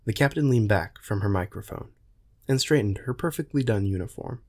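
A man narrating a science fiction story in a measured, plain way. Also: on the low side, lively intonation, darkish tone. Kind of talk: storytelling reading.

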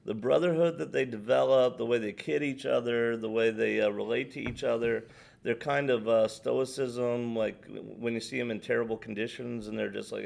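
Gravelly-voiced American man, rambling chat. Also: medium pitch, steady tone, normal speed, darkish tone. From United States. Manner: rambling, tangent-prone, filler-heavy. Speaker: podcast co-host. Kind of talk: casual chat.

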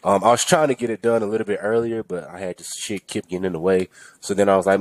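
A man's voice: on the low side, steady tone, fast, a little mellow. A man hosting a podcast, telling a rambling, profane story in a casual monologue and acting out his own irritated thoughts. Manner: profane, rambling, venting with mock-quoted rants. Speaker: podcast host.

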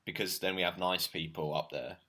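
A man's voice: low-pitched, steady tone, fairly quick, pushed and bright. A man co-hosting a podcast, chatting casually in a joking, rambling, self-mocking way. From Britain. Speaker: podcast co-host. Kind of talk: casual chat.

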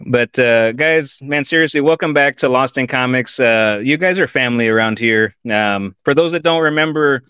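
A man's voice: medium pitch, moderate pace, few pauses, pushed and bright, smooth, no echo, lo-fi sound. A man from Texas hosting a live-stream comics interview, chatty and enthusiastic. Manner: enthusiastic and chatty, says dude and y'all. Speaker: podcast host.

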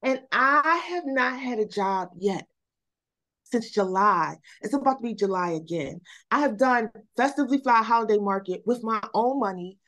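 A woman guest on a podcast, telling her story in casual chat with animated energy, repeating words and saying "y'all". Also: on the high side, normal speed.

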